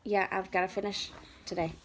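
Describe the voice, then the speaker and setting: A mother in her thirties telling a story in a rambling, animated vlog and turning aside to her children. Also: medium pitch, a little fast, background noise. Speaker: mother vlogger.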